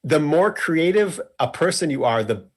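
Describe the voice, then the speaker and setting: A man's voice: fairly high pitch, lively intonation, normal speed. A young man hosting a casual conversation, rambling and self-correcting with a playful streak. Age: young adult. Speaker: host.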